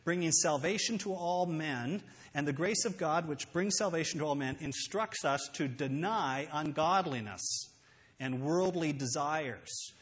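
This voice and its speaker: A man preaching a sermon, earnest and emphatic, slowing down to read scripture aloud. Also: a little high, animated. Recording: long hall reverb.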